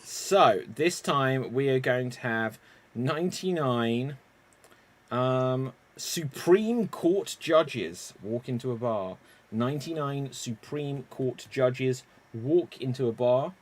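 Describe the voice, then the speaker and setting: A man hosting an online improv game over a video call, unhurried and chuckling as he calls on players by name. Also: mid-range voice, animated. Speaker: improv show host.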